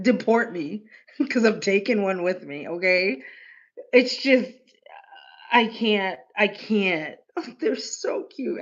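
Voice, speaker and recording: A woman streamer chatting casually on a livestream, gushing and animated, and she swears casually. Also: medium pitch, dull audio.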